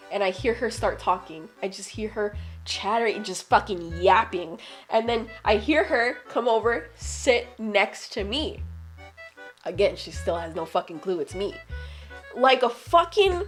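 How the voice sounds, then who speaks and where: A young woman telling a story casually, swearing a lot, her voice climbing higher whenever she gets heated. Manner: profane, animated, voice climbs when heated. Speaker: vlogger.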